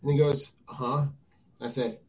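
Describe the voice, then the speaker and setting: A laid-back man in his thirties tells a story on a sports podcast. He speaks in a mid-pitched, casual voice. His delivery is easygoing. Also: fairly even intonation, moderate pace, darkish tone. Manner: laid-back storyteller, short agreeing replies. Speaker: podcast co-host.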